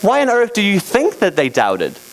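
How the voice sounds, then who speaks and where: Playful animated male youth teacher. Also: high-pitched, normal speed, noisy background. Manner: playful, animated, laughing teacher directing a skit. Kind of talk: interactive Bible lesson with volunteers. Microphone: handheld microphone.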